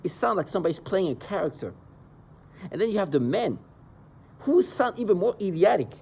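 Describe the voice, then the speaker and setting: A man's voice: high voice, big pitch swings, a little fast, gravelly, a little mellow, slightly rough. A man delivering an agitated, rambling monologue into the camera, with mocking asides. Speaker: vlogger describing being targeted. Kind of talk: angry monologue.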